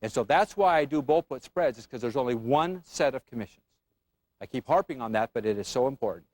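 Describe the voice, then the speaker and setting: A man's voice: medium pitch, expressive, fairly quick, a little mellow, no echo. A man teaching an options trading class, quizzing the room with frequent questions. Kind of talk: classroom lecture.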